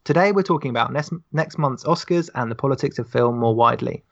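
A man's voice: medium pitch, fast, gravelly, fairly bright tone, lo-fi sound. A man hosting a politics podcast in a loose, joking way. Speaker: podcast host. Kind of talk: casual panel chat.

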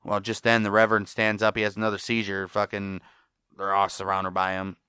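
Guy recapping a show with his buddy, swears a lot, crisp bright voice, dry sound. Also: lowish voice, brisk, no echo. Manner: profane, animated retelling with loud voiced quotes. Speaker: podcast co-host. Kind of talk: casual recap chat.

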